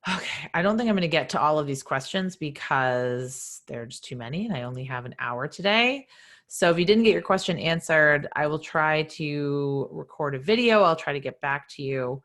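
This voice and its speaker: A middle-aged woman answering questions in live online office hours, direct and energetic like a coach. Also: low-pitched, normal speed. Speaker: nonprofit fundraising consultant.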